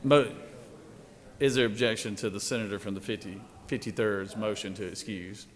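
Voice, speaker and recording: A man presiding over a legislative floor session, moving between formal procedure and relaxed joking. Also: lowish voice, moderate pace. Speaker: presiding officer of a state senate.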